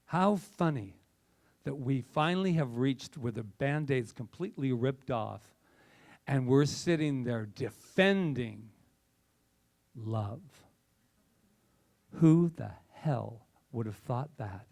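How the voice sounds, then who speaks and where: A man's voice: mid-range voice, takes it slowly, gravelly, pauses often. A male minister preaching a passionate, conversational sermon to his congregation. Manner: impassioned, conversational, animated.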